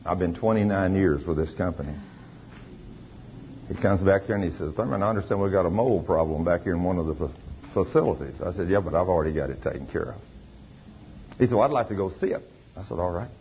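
An older man with a drawl tells his testimony in an emphatic, folksy preaching style. His voice sits fairly low. The recording is dull and lo-fi, with a faint hiss behind him. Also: animated, quick pace. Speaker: lay preacher giving testimony. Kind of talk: testimony sermon.

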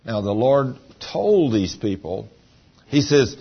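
A man preaching a sermon as a pastor, his voice swinging between loud, high bursts and low, quiet stretches. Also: very animated, slow, creaky, husky, muffled recording. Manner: preaching with big swings in pitch and volume.

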